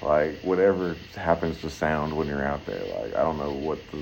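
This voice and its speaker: A man's voice: steady tone, moderate pace, slight background noise, rough recording. A man telling a long, rambling story in casual, profane chat. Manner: rambling, heavy swearing, acts out voices in high pitch.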